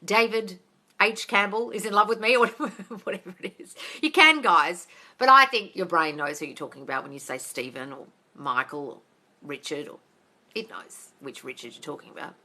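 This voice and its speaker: Woman coach on a phone live Q&A: low-ish, bright, forceful voice, blunt and sweary, says darling a lot. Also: moderate pace. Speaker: manifesting coach. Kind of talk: live-stream Q&A.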